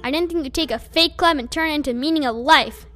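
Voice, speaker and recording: A woman's voice: sits high, quick pace, bright, forceful tone, soft background music. A woman reading an audiobook, voicing a teenage boy who rages and accuses his friend. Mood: furious. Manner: raging, accusing, sputtering.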